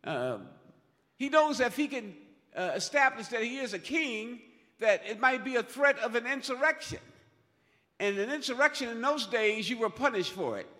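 A man delivers a sermon in a high, sharply bright voice, pressing his points by repeating key phrases and swelling to loud peaks. His words ring out with a long reverb, as in a large church sanctuary. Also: animated, moderate pace. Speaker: preacher.

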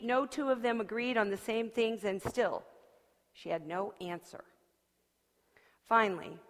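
A woman preacher giving a sermon, telling a story expressively, her delivery moving between soft and lively. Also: mid-range voice. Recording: long hall reverb.

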